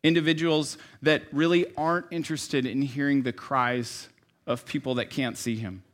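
A man preaching a sermon in a conversational, storytelling way, dropping to soft asides and rising to emphatic lines. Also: medium pitch, fairly even intonation, normal speed. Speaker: pastor.

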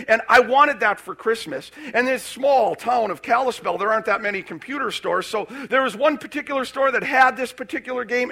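A male pastor telling a personal story in a sermon, animated, with restarts and acted-out quotes. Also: very high voice.

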